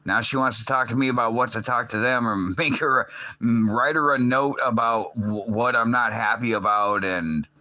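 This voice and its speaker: A man chats on his livestream in a loose, rambling way, full of fillers and casual swearing. His voice is bright and forward. The sound is close and dry, with no room around it. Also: fairly low pitch, no echo. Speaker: livestream host.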